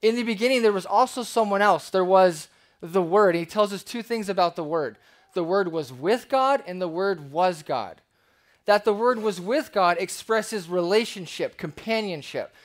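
A man preaching a sermon as pastor, conversational and lively, with playful asides. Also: high voice, normal speed.

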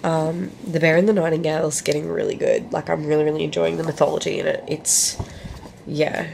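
An Australian woman with a lowish voice talks candidly to her viewers at home, sounding like she has a cold. She chats freely and doubles up words for emphasis. The room is echoey, with a faint hum in the background. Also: flat delivery, brisk, gravelly, darkish tone. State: sick with a cold. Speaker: book vlogger. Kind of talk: casual vlog chat.

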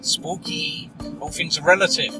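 A man's voice: a little high, fairly even intonation, normal speed, over music. A man joking and laughing while driving a car, with a playful, self-mocking manner. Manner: jokey, giggly, self-mocking. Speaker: vlogger, driver. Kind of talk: casual chat. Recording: distant voice over car noise.

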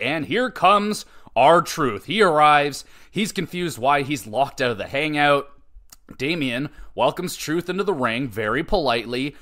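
A man's voice: medium pitch, a bit bright. Wry man recapping wrestling casually. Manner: wry, swears casually, quick asides. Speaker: podcast host.

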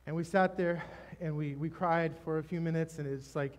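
A man preaching a sermon, telling a personal testimony in an emotional, halting way with many restarts. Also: on the high side, steady tone. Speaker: pastor. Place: church stage.

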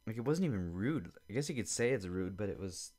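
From his basement at home, a young podcast host delivers a brisk, irritated rant full of swearing and tangents. His voice is fairly low and slightly dark, with lively intonation.

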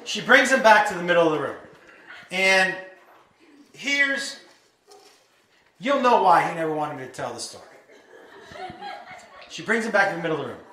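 High voiced guy doing animated stand-up, shouting punchlines, echoey live room, crowd noise. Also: moderate pace, pauses often. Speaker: stand-up comedian. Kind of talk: stand-up comedy storytelling. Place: live comedy venue. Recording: roomy live venue, heard from a distance. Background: audience laughter.

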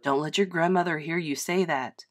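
A patient father who teases his daughter gently. A woman reading aloud plays him, dropping her voice lower and keeping it calm and even. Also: moderate pace. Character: patient teasing middle-aged dad.

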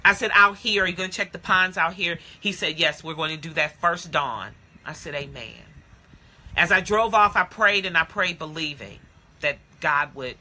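Woman preacher, very bright tone, dramatic testimony sermon, addresses the congregation directly. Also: normal speed. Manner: dramatic, drops to a hushed low voice at solemn moments; addresses listeners directly, calls them beloved. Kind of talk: sermon storytelling. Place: home, streamed live to social media.

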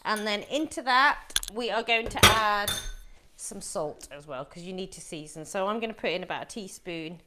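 A woman's voice: mid-range voice, moderate pace, very noisy. Chatty woman hosting a cooking demo. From Wolverhampton, England. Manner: chatty, explains each step to viewers. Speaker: cooking show host. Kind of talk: live cooking demonstration.

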